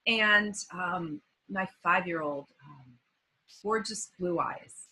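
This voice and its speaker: A woman in her fifties, a podcast guest, telling an emotional personal recovery story in a halting, earnest way with many fillers. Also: fairly low pitch, bright, forceful tone, husky, low-quality recording.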